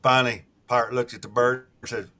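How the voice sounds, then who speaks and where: A man's voice: mid-range voice, level tone, brisk, pushed and bright. A man telling a crude joke in a folksy, profane way during a casual live chat.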